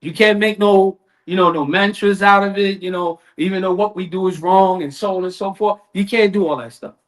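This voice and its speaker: A man's voice: high voice, fairly even intonation, a little fast. A man giving a sermon at a community event, in casual street talk, dramatic and acting out voices. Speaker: lecturer.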